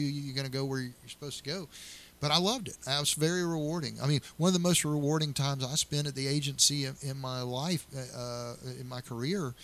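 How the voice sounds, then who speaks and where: A man's voice: mid-range voice, a bit bright, slight background noise. A middle-aged man, a county sheriff, answering interview questions earnestly and telling stories with many restarts.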